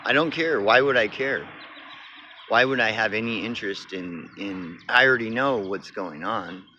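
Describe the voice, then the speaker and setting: Vlogger: man from Oklahoma, bright and forceful voice, rambling cynical rant by a road. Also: on the low side, moderate pace, highs cut off. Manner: rambling, cynical, profane, restarts often. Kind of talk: casual rant to camera. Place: outdoors beside a busy road. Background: passing traffic.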